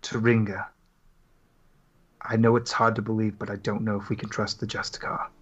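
Give me a man voicing a direct, earnest adventurer in a tabletop game. His voice is husky, and the recording sounds dull and lo-fi. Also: on the low side, flat delivery, normal speed, a bit bright. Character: bold outspoken adventurer man.

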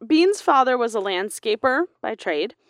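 A woman's voice: a little high, sing-song, normal speed, no echo. Young woman, podcast co-host, casual true crime storytelling, dry close sound. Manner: laughs often, reads story sections aloud.

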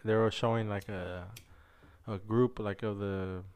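A man's voice: fairly low pitch, steady tone, a little slow, a little mellow, clear, resonant tone. A young man telling a rambling story in casual chat, slangy and profane, peppering his talk with "bro" and "dude.". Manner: loose, rambling anecdotes with restarts.

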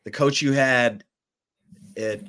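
A man co-hosting a casual sports podcast, reading out breaking news and then musing about it in an unhurried way. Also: mid-range voice, fairly even intonation, fairly bright tone, clear, resonant tone.

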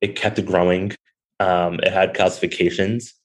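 A man's voice: low voice, little pitch movement, normal speed, low-quality recording. A young man, a podcast guest and restaurant owner, telling a personal story candidly with lots of fillers. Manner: candid, rambling, many fillers. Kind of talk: conversational storytelling.

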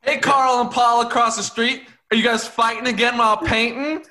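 A man's voice: high-pitched, moderate pace, sharp tone, pitched above the performer's own voice. A man voicing a smug, cheery painting pal who talks in a sing-song way, in improv comedy. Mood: chirpy.

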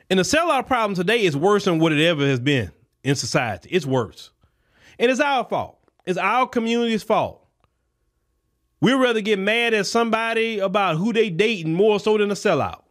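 Man, political commentary podcast, impassioned, high voice. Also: big pitch swings, normal speed, fairly bright tone. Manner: impassioned, repetitive, preacher-like cadence. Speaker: podcast host. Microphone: podcast microphone.

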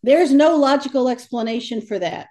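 A woman with a slightly high voice tells her stories in an animated, conversational way. She brings the people she quotes to life as she talks, like a guest sharing experiences in an interview. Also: moderate pace. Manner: animated storyteller, quotes others in lively voices. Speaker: guest, medium who crosses over the dead.

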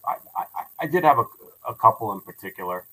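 A man's voice: fairly low pitch, fast, breathy edge, low-quality recording. A man who runs a ghost tour, telling stories in a casual podcast interview with many restarts. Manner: animated storyteller with many restarts. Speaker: building owner and ghost tour operator.

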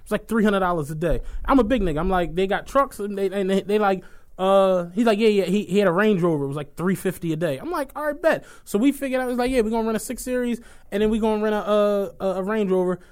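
High-voiced young man telling stories. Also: fast. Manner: animated, profane storytelling. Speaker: podcast host. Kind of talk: casual chat.

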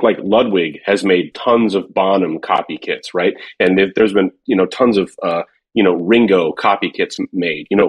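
A man talks casually, spinning long stories with restarts and fillers. His voice sits a little low and has a husky, breathy edge. He sounds relaxed and conversational. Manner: rambling storyteller, many fillers and restarts. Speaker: former drum company worker telling stories. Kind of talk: casual podcast chat.

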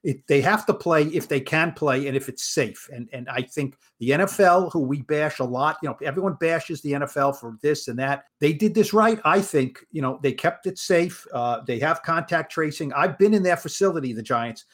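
A sportswriter co-hosting a podcast talks in animated, rushing bursts and keeps restarting his sentences. His voice sits a bit high for a man. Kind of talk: casual sports podcast chat.

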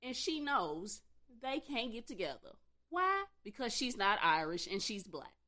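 A woman's voice: mid-range voice, lively intonation, moderate pace, bright, forceful tone. A woman ranting bluntly and profanely in a casual commentary, exasperated and swearing freely.

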